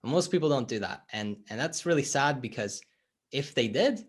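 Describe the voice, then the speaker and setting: Appearing as an interview guest, a male life coach lays out his ideas conversationally and animatedly acts out small dialogues within his stories. His voice is mid-range with a breathy edge, and he speaks at a moderate pace.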